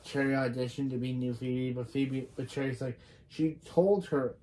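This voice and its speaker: This reaction reviewer has a medium-pitched, dark voice with fairly even intonation and a moderate pace. They casually recap a TV episode scene by scene, retelling it line by line, often restarting to correct themselves and dropping in personal opinions.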